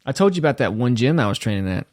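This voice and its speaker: Man in his thirties, podcast host, animated intonation, dry close sound. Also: medium pitch, rapid-fire, dry recording. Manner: laid-back, says "man" and "dude" a lot, laughs often. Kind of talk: casual chat.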